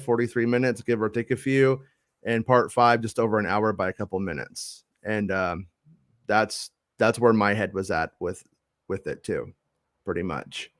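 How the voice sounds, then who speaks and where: A man's voice: mid-range voice, steady tone, normal speed, dry recording, studio quality. A man hosting a casual chat show, rambling and joking with many fillers and restarts. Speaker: podcast host.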